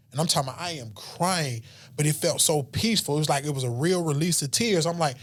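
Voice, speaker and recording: A man with a fairly high voice talks fast as a podcast guest, sharing a personal story in a casual conversation. He sounds earnest and emotional, sometimes sinking to a near-whisper.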